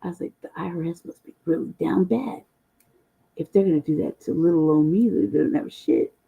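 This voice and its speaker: A woman's voice: low voice, brisk, creaky, warm tone, slightly rough, lo-fi sound. A woman host telling a long personal story in casual, profane, rambling talk, often checking in with "right?". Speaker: channel host.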